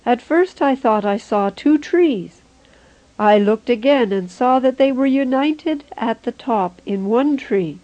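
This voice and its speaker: A woman reading a religious vision text aloud in a slow, solemn, even way. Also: fairly high pitch, dull audio. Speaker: reader.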